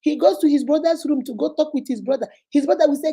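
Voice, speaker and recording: A middle-aged woman hosting a live-stream chat and counseling show, animated and chatty as she greets viewers by name. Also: high-pitched, quick pace, low-quality recording. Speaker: host and counselor.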